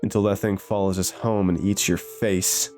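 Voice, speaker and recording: A man voicing a tired, sharp-tongued teenage scout boy with a sarcastic edge. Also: low voice, fairly even intonation, normal speed, lightly acted.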